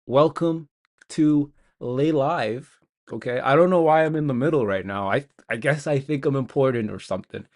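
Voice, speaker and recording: Mid-range in pitch and speaking at normal speed, a young developer codes on a live stream. He rambles, mocks himself and talks to himself in a casual chat.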